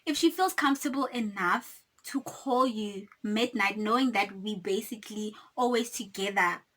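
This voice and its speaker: Bright-voiced South African woman. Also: mid-range voice, normal speed. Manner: animated, dramatic retelling with acted-out quotes and laughter. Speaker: YouTuber. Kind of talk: storytime vlog.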